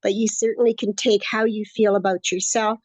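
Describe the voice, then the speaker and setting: A woman's voice: medium pitch, little pitch movement, brisk, no echo, rough recording. A woman in her late sixties, talking in a chatty, upbeat, rambling way as a guest in an interview. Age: 60s. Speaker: course student interviewee. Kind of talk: casual interview conversation.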